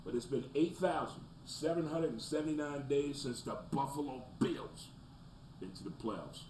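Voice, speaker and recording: A man in the middle pitch range hosting a casual sports talk stream, jumping from loud, fired-up rants to low, muttered asides. His voice rings in a roomy space with a faint hiss of background noise behind it. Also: moderate pace. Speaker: sports talk show host.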